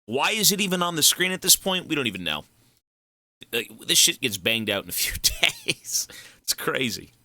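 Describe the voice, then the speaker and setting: A male live streamer chatting casually and thanking donors, excitable and effusive, swearing freely. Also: mid-range voice, moderate pace, dry recording.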